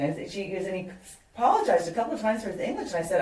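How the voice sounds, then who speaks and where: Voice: medium pitch, big pitch swings, quick pace, darkish tone. A matchmaker hosting an interview, talking casually with lots of "you know" and retelling stories about clients. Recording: roomy sound, distant from the mic.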